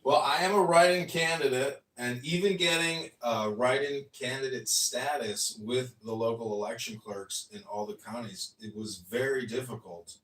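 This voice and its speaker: A man's voice: medium pitch, a bit bright. Earnest man from Illinois, echoey, distant. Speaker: write-in congressional candidate. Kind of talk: casual chat.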